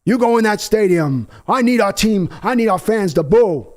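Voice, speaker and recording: A man's voice: high-pitched, animated, normal speed, a little mellow, voice pushed up. A man impersonating a fiery rousing football coach. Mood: fired up. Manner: rousing, emphatic, preachy. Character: fiery older male football coach giving a speech.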